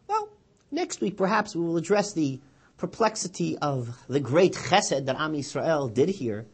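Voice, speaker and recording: A man, a rabbi, giving a weekly Torah sermon, telling a story with lively quoted voices and then dropping low and quiet to draw the lesson. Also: a little slow, breathy edge. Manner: animated storyteller, loud and high when quoting.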